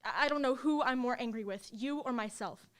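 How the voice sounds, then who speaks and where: A woman's voice: a little high, a little fast, fairly bright tone, close to an everyday voice. A young woman acting in a live reading of a new play, playing a hurt girlfriend who reproaches her partner and ends the relationship. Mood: reproachful. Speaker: stage actor in a play reading.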